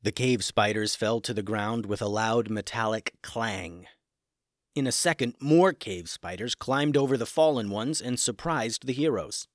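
A man narrating a children's adventure story, shifting expressively between hushed suspense and excitement. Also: on the low side, unhurried, dry recording, clean studio sound.

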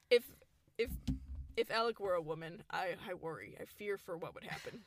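A woman's voice: on the low side, moderate pace, slight background noise. A young woman in her twenties co-hosting a casual chat, telling a story and acting out the people in it. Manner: animated, acts out quoted people with laughs. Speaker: podcast co-host.

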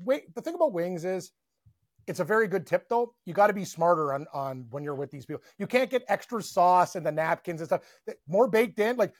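A man co-hosting a casual sports betting podcast, telling rambling, animated stories. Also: high-pitched, fairly quick, no echo, studio quality. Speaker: podcast co-host.

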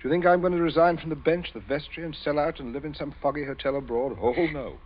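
A man's voice: on the high side, steady tone, fast talker, muffled recording, lightly acted. An actor playing a stern, domineering father and village magistrate who interrogates his daughter in a commanding, cold manner, in an old radio drama.

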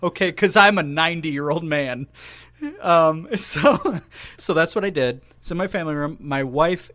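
A man's voice: on the high side, moderate pace, sharp tone, dry recording, clean studio sound. A man co-hosting a casual sports podcast, rambling in a playful, self-mocking way. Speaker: podcast co-host.

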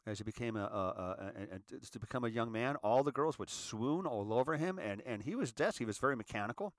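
A middle-aged man hosting his own show, giving a heartfelt monologue that stumbles and repeats words, then grows animated. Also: medium pitch, brisk, no room sound, clean studio sound. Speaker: podcast host.

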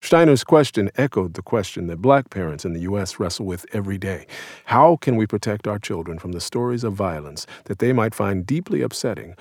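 Reading his own essay as scripted narration, an American man in his thirties speaks in a low, steady voice. His tone is measured, somber, and quietly reflective, and the close, dry recording has no echo.

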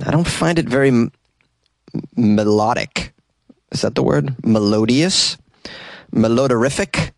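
A man's voice: mid-range voice, unhurried, creaky, long pauses, no room sound. Sarcastic man riffing on the news. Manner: sarcastic, rambling asides. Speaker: comedy news host. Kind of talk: comedic news commentary. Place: small closet at home. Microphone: close home mic with plosive popping.

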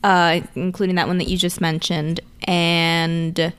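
A woman's voice: fairly low pitch, level tone, measured pace, a bit bright, smooth. A woman co-hosting a casual podcast, talking in a wry, offhand way. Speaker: podcast co-host. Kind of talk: casual chat.

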